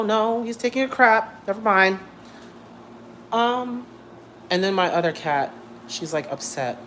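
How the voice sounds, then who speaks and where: A young man vlogging from home in a casual rant, animated and blunt, repeating himself and swearing freely. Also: sits high, a little hiss or hum. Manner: animated, repetitive, blunt and profane.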